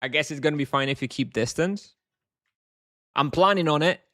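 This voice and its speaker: A man's voice: on the high side, moderate pace, bright, forceful tone, no echo, clean studio sound. A man chatting casually while streaming a game, answering chat in a wry, offhand way.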